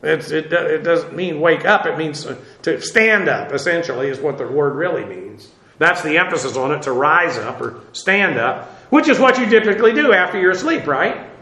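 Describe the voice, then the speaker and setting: Bright-voiced man teaching scripture. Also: fairly high pitch, expressive, normal speed, reverberant, poor audio. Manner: conversational, many fillers, wry asides. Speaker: Bible teacher. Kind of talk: verse-by-verse Bible teaching.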